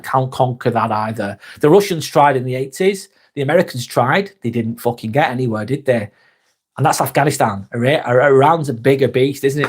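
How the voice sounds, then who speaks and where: A man with a Lancashire accent hosting a casual live vlog, talking bluntly, swearing freely and calling people mate. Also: medium pitch. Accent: Lancashire English. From North West England. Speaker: live vlog host reading chat. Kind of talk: casual live-stream chat.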